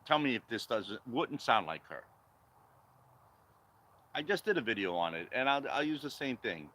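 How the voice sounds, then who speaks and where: Blunt, bright-voiced man ranting. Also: lowish voice, expressive, normal speed, a little hiss or hum, low-quality recording. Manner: blunt, confrontational, repetitive rhetorical questions. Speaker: vlogger. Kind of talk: ranting political commentary.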